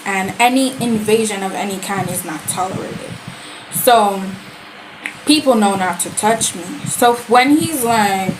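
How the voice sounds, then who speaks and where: A woman giving a casual, animated and sassy review of a series, full of slang and quoted reactions. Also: medium pitch, noisy background.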